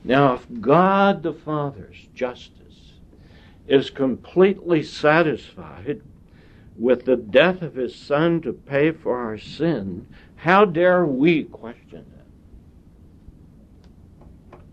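A man preaching a sermon in a slow, deliberate way, with long pauses between phrases. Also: medium pitch, expressive. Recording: dull lo-fi sound.

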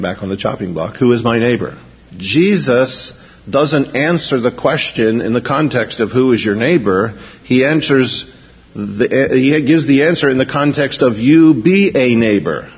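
Pastor preaching in an echoing hall. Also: male voice, medium pitch, breathy edge. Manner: animated preaching, raises voice when quoting. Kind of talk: sermon. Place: large church sanctuary. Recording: dull lo-fi recording in a large reverberant hall.

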